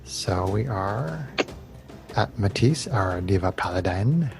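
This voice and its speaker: A man's voice: on the low side, lively intonation, takes it slowly, gravelly, over music. A man running a tabletop game as game master over a video call, calling out hits and damage and often chuckling. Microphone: video call headset or desk mic.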